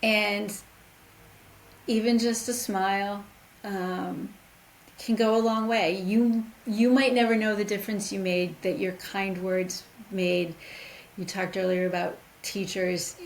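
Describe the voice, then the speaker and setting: A woman's voice: mid-range voice, creaky, a little hiss or hum, low-quality recording. A middle-aged woman, a nonprofit leader, speaking as an interview guest in an encouraging way with some fillers. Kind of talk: interview conversation.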